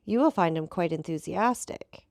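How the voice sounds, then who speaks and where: A man's voice: high-pitched, animated, moderate pace, creaky, dry recording, studio quality. A woman reading as a composed, mocking male count who hosts a dinner. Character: mysterious wealthy male count, calm, ironic host.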